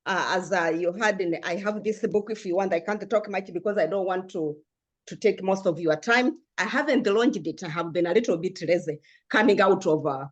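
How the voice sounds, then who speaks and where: A woman's voice: on the low side, moderate pace. An older woman from Africa, speaking as a panelist in a discussion, passionate and earnest, with frequent restarts.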